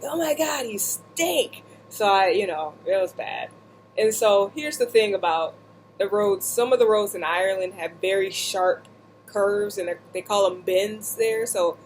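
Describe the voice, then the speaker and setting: A woman vlogger seated indoors, casually telling a story in an animated, joking way with lots of asides. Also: medium pitch, a little hiss or hum, low-quality recording.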